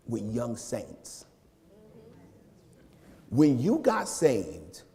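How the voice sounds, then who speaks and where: In a church sanctuary with long hall reverb, a male minister with a fairly high, vocal-fried voice preaches a conversational sermon full of slang. He's casual and animated, speaking directly to his congregation and tossing asides their way.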